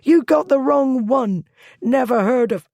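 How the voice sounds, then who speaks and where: A narrator voicing a desperate, grubby male thief who shrieks his protests in a shrill, strained voice. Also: sing-song, measured pace, creaky, dark tone, no room sound, studio quality, exaggerated voice. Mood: panicked shrieking. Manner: screaming protests.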